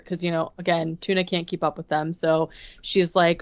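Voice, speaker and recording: A woman co-hosting a podcast, recapping a movie plot in a casual, chatty way and acting out the characters' lines in quick bursts. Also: lowish voice, muffled recording. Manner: chatty, retells scenes with quick acted-out quotes. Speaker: podcast co-host.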